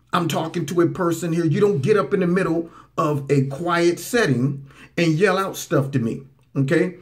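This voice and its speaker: A man hosting a talk radio commentary show, mocking and reacting to played clips. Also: medium pitch. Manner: animated, mocking, talks over clips. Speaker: political commentary host.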